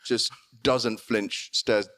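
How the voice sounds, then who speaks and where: A man's voice: on the low side, steady tone, extremely slow, fairly bright tone, no echo. A man, the show's producer, chatting casually and telling rambling anecdotes. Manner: rambling anecdotes with restarts, laughs mid-story. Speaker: producer joining the chat. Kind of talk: casual banter.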